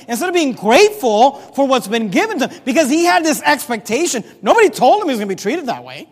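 A pastor delivers an animated sermon in a very high voice, reading scripture and playing out its characters. His words ring through a church hall with a long reverb tail. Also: quick pace, few pauses. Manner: animated preaching, reads scripture aloud, acts out characters.

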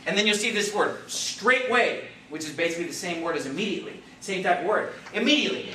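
A middle-aged man preaching a sermon as pastor, emphatic and excitable, his voice rising into shouts. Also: high voice, fairly quick. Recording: echoey hall from far off, faint noise.

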